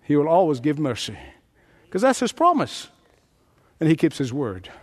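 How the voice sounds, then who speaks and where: A man's voice: on the high side, big pitch swings, moderate pace. A man preaching a sermon as a pastor, emphatic and driving his points home with rhetorical repetition. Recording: long hall reverb.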